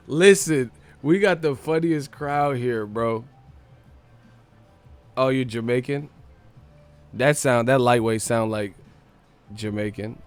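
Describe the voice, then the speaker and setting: A man's voice: medium pitch, slow, long pauses, no echo, soft background music. Profane, slangy man reading live chat. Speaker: livestream host.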